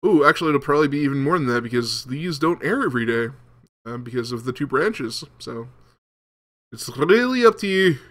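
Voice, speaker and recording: Bright-voiced man rambling over gameplay. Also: medium pitch, expressive, a little fast. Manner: rambling, many ums and restarts. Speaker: gaming video host. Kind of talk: casual let's-play commentary.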